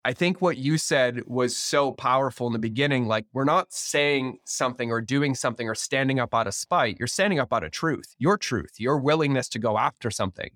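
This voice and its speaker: A man hosting a podcast interview in casual chat, energetic and swearing freely, acting out the dialogue he quotes. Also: medium pitch, fairly quick, hardly any pauses, no room sound, studio quality. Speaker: podcast host.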